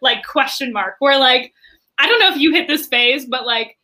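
A high-pitched woman with a bright, forceful tone tells a story as an interview guest. She talks in a chatty, expressive way, scattering "like" through her sentences. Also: moderate pace. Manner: chatty, frequent filler "like", expressive. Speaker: entrepreneur and podcast guest. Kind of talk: animated storytelling in conversation.

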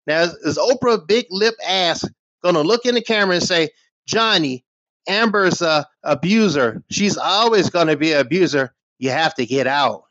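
Heated and scornful, a middle-aged man swears his way through a rant on his little commentary channel, his voice high-pitched and fairly bright. There's no room sound in this dull, dry lo-fi recording.

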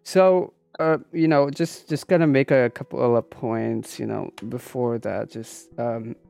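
A man's voice: mid-range voice, fairly even intonation, a little slow, vocal fry, a little mellow, no echo, soft background music. A man co-hosting a live podcast stream, talking casually and rambling, with many restarts and fillers. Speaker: podcast co-host streaming on Twitch.

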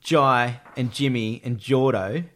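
Australian man, relaxed guest, loose slangy storyteller, mid-pitched voice. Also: slow pace, a little hiss or hum. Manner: laid-back, slangy, rambling. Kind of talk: casual storytelling.

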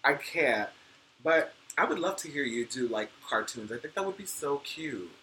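A man with a soft, sweet voice and a New York accent, co-hosting a podcast in casual chat. He is expressive, swears freely and slips into high playful voices. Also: normal speed, slight background noise, low-quality recording. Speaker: podcast co-host.

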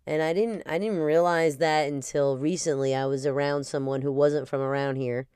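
A woman's voice: deep voice, fairly even intonation, moderate pace, mellow, smooth, no echo, studio quality. A woman from New Jersey with a New Jersey accent, hosting a casual solo podcast in a brash, profane and playful way. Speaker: podcast host.

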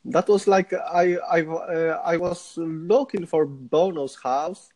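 A man with a Polish accent, a podcast guest telling stories in a halting way with many restarts. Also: fairly high pitch, a little mellow. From Poland. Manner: halting, many repeated starts. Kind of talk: casual interview.

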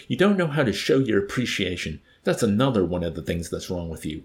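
A man's voice: mid-range voice, sing-song, a little fast, vocal fry. A man reading as an indignant scheming corporal. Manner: indignant, insistent, raised voice.

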